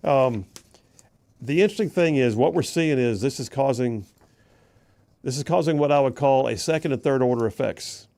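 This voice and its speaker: A man's voice: mid-range voice, normal speed, mellow. A man hosting a talk radio show, delivering an emphatic, folksy monologue, repeating phrases for punch.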